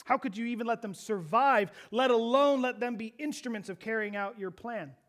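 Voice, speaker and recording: A man with a high voice for a man preaches a sermon to his congregation. He asks them rhetorical questions and acts out quoted prayers, his intensity climbing as he goes. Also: normal speed, fairly bright tone. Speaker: pastor.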